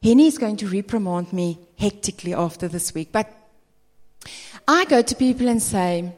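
South African woman preacher, mid-pitched, animated sermon, long hall reverb. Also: normal speed. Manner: emphatic, animated, acts out people's voices.

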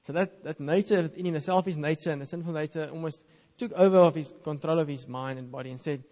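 A man's voice: on the high side, quick pace, warm tone, big-room sound. A man, an Afrikaans speaker, preaching a sermon in an earnest, conversational way and reading scripture aloud.

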